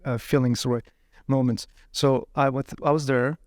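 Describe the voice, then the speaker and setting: A man telling his life story as an interview guest, animated, often repeating words while he searches for the next one. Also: medium pitch, unhurried, no echo. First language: Uyghur.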